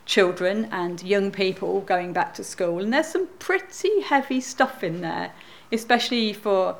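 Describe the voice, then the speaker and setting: A woman's voice: mid-range voice, animated, measured pace, gravelly. A woman leading a church service, speaking to the congregation in an informal, chatty way. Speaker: worship leader.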